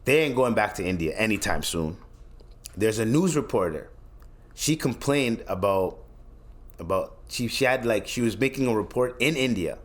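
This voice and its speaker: A man's voice: lowish voice, animated, moderate pace. A young man from Canada hosting his own podcast, ranting bluntly and profanely in casual solo commentary, often restarting his sentences. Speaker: podcast host.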